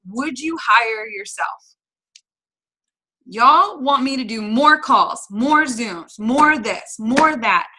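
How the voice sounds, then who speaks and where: A woman's voice: a little high, pushed and bright. A young woman coaching her team on a video call, with an emphatic, repetitive motivational style. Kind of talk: motivational pep talk.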